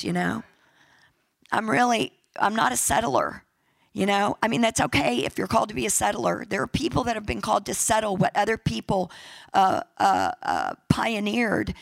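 A woman pastor with a raspy voice, deeply gravelly and full of fry, preaching in a sermon. She keeps it chatty and jokey and repeats key lines for emphasis. The sound is dry and close, with no room around her. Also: no room sound, poor audio. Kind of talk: sermon with church announcements and prayer.

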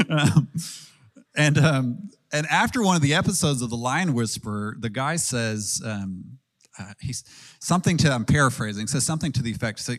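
A man in his thirties preaching in an earnest, conversational way, with a mid-range voice. He asks his listeners questions and pauses with ums between points. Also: mid-range voice, expressive. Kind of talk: sermon.

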